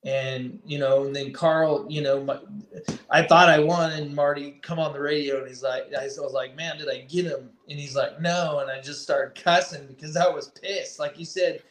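A man's voice: on the high side, steady tone, normal speed, a bit bright, slight background noise. A man guest on a talk show, telling stories in a laid-back way and swearing freely. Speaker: racer guest. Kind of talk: casual podcast chat. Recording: echoey room.

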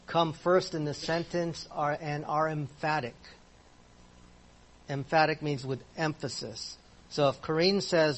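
A man's voice: fairly high pitch, slow pace, vocal fry, long pauses. Man teaching a Bible class. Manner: conversational, asks the class questions.

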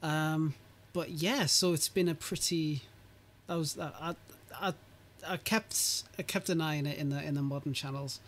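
A man hosting a podcast who chats casually, often breaking into laughter and restarting his sentences. His voice sits a little above the usual pitch for a man. A faint background hum is under it. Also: fairly even intonation, moderate pace, a bit bright. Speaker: podcast host. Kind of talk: casual chat.

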